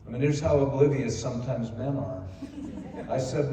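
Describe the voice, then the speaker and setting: An older man, a company co-founder, telling a personal story in a folksy, self-deprecating way, hoarse from speaking. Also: medium pitch, normal speed, crowd noise. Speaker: company co-founder giving a convention speech. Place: large convention hall. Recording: echoey hall from far off.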